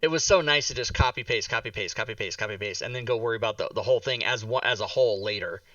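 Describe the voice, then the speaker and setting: A man's voice: fairly low pitch, fast, sharp tone, no room sound. A man from the Pacific Northwest with a light regional accent, chatting and joking as the host of a livestream. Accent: Pacific Northwest American. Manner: joking, rambling, reads chat aloud. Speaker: streamer host. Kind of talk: casual livestream chat. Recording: dull distant mic.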